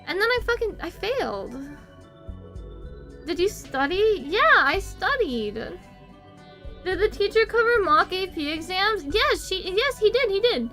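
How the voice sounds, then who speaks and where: A woman's voice: extremely high pitch, animated, a little slow, sharp tone, faint music behind. A young woman from the United States, chatting casually on a stream. She rambles, giggles, swears casually and pokes fun at herself. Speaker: VTuber streamer.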